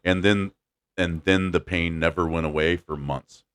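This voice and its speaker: A man hosting a podcast, telling a story in a casual, animated way and laughing as he goes. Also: deep voice, smooth. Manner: animated, laughing storyteller doing quick voices. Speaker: podcast host.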